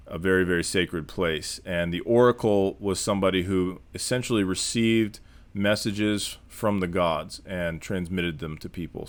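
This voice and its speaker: A man reading a classic history aloud and explaining it in a measured lesson. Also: sits low. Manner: measured, explanatory, with occasional restarts. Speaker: history lecturer.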